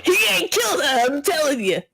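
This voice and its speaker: A woman's voice: high-pitched, sing-song, brisk, creaky, fairly bright tone, dry recording, soft background music, pitched above the performer's own voice, heavily acted. A woman voicing a nervous young woman in a tabletop game who answers questions in a flustered, defensive way.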